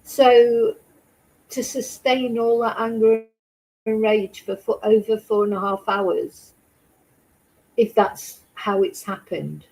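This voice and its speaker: A woman's voice: on the high side, fairly even intonation, takes it slowly, long pauses, a little mellow, rough recording. A woman hosting a true crime channel, chatting casually with her viewers. She rambles and keeps asking rhetorical questions. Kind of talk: casual chat with live chat viewers.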